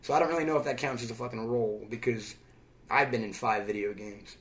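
A man chatting as a podcast guest, joking and cursing with quick asides. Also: medium pitch, fairly even intonation, a bit bright. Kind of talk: casual comedic chat.

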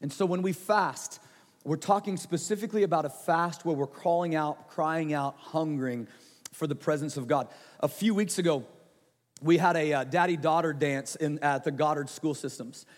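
A high-voiced man delivers a sermon, sometimes loud and emphatic, sometimes dropping to a soft, intimate storytelling tone. His voice rings out with a long reverb, as in a large hall. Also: normal speed. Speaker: pastor.

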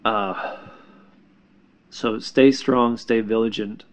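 A man who works as a spiritual healer, giving casual spiritual advice in a reassuring, halting way, with repeated words and fillers. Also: fairly low pitch, steady tone.

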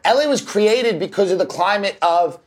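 High-voiced ranting man. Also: lively intonation, normal speed. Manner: ranting, emphatic. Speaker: guest comedian. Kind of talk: casual chat.

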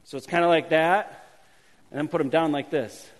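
A man, a pastor, teaching a congregation a playful hand-gesture game in his sermon, shifting between lively calls and quiet asides. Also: a little high, moderate pace. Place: church sanctuary. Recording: long hall reverb.

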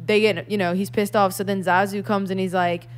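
A woman chatting casually about a movie, animated and swearing a lot as she acts out scenes. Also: mid-range voice, brisk, slight background noise. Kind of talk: casual chat, movie review.

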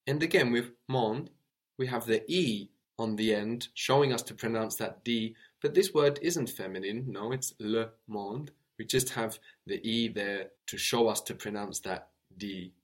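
Patient man teaching a language lesson. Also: on the low side. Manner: explains slowly, spells out words, checks with "no?".

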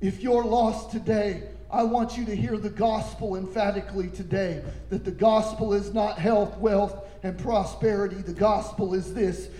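A man preaching an impassioned sermon, reading scripture slowly and building to shouts. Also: high voice, echoey room, slight background noise.

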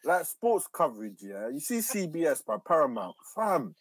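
A man's voice: on the high side, big pitch swings, moderate pace, dry recording. A man in casual football banter, full of slang.

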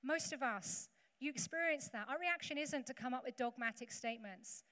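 Bright-voiced woman preaching in a hall. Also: sits high, moderate pace. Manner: conversational with humorous asides to the congregation. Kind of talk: sermon. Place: church hall with congregation. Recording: echoey hall with faint background noise.

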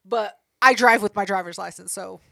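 A woman's voice: mid-range voice, normal speed, creaky, sharp tone, no echo, clean studio sound. A woman co-hosting a podcast, telling a story in a blunt, profane, rambling way and correcting herself as she goes. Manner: self-correcting, rambling asides. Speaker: podcast co-host. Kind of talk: casual storytelling chat.

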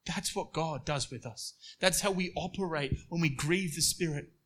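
A man preaching a sermon, moving between quiet storytelling and emphatic passages. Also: a little high, normal speed, hardly any pauses.

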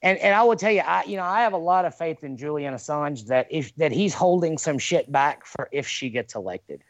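A man's voice: a little high, animated, brisk, no echo, muffled recording. A man chatting casually on a podcast over a call, talking politics in a heated, profane way. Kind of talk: casual chat.

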